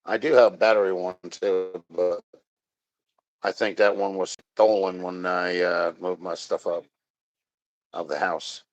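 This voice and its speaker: A man's voice: low voice, little pitch movement, unhurried, pauses often, dry recording. A man chatting casually on a live stream, rambling, joking and answering chat. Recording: dry, dull lo-fi sound.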